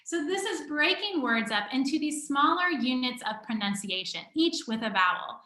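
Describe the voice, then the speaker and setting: A woman's voice: high-pitched, animated, normal speed, sharp tone, reverberant. A woman educator leading an online teaching workshop over a video call, explaining step by step in a patient way.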